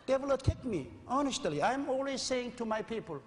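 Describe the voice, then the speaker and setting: Earnest high-voiced man in his sixties, preaching. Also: expressive, fairly quick, hardly any pauses. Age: 60s. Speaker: pastor. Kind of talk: sermon. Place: church sanctuary. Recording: old VHS recording with long reverb.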